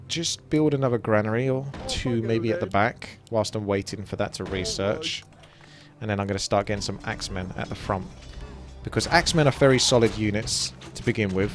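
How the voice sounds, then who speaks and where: Low-voiced man commenting gameplay. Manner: chatty, explains strategy while playing. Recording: game music underneath.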